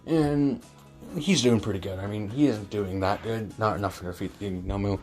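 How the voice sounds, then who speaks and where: A man's voice: fairly low pitch, moderate pace, a little mellow, soft background music. A man improvising a fan-fiction story, rambling with many fillers and self-corrections.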